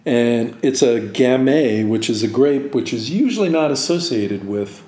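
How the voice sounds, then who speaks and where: A middle-aged man co-hosting a wine podcast, speaking in a measured, explanatory way. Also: medium pitch, animated, mellow. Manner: measured and explanatory, with pauses and fillers. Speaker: podcast co-host, wine expert. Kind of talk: casual podcast chat. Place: sparse, empty apartment room. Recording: echoey empty room.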